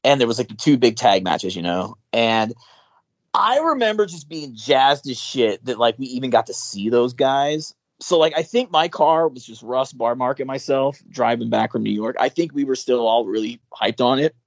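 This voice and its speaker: A man tells fan stories in a loose, animated way, laughing often and swearing without a second thought. His voice sits in a middle register and is recorded dry and close, with no room sound. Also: medium pitch, normal speed, dry recording. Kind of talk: casual chat.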